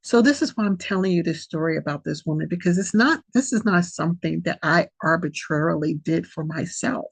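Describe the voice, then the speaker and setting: A woman's voice: lowish voice, lively intonation, dry recording, low-quality recording. A woman hosting a podcast, sharing a reflective spiritual monologue in an earnest way that repeats and dwells on key phrases. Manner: slow, gravelly, breathy voice. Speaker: podcast host.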